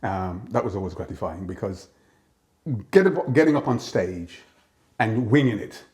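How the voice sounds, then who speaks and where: A man's voice: on the low side, expressive, moderate pace, a little mellow. A man, a gospel comedy performer, reminiscing in an interview, reflective and given to restarting phrases.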